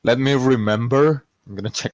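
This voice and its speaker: A man's voice: mid-range voice, a little mellow, no room sound. A man playing a tabletop game, talking hesitantly with lots of fillers. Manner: hesitant, filler-heavy, slow-spoken. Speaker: player. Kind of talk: casual in-character tabletop play.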